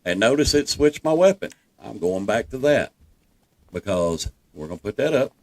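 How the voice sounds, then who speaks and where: A man with a Southern US accent guides viewers through gameplay step by step, folksy and reassuring. His voice is fairly low, very animated, and a little mellow, at normal speed.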